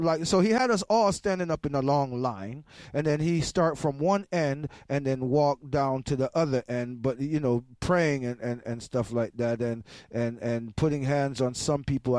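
A man's voice: mid-range voice, a little mellow, dry recording, clean studio sound. A man, hosting a radio show and telling a story with rambling, stammering repetitions. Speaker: radio host. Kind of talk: storytelling to listeners.

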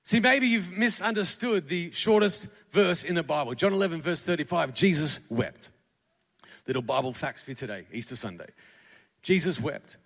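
A man preaching a sermon to a congregation, building from quiet, tender passages to fervent, shouted crescendos. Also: high-pitched, animated, moderate pace. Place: church hall. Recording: long hall reverb.

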